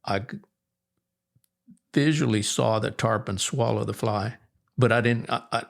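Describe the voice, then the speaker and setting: A middle-aged man, a guest angler, telling fishing stories in a relaxed, rambling way with restarts. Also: lowish voice, a little slow, creaky. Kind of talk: casual storytelling.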